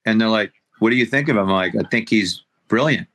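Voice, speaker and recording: A man's voice: lowish voice, fast talker, fairly bright tone. Reflective comedian man in studio chat. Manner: thoughtful, rambling with fillers and restarts. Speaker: comedian co-host. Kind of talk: casual radio chat. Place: radio studio. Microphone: studio microphone.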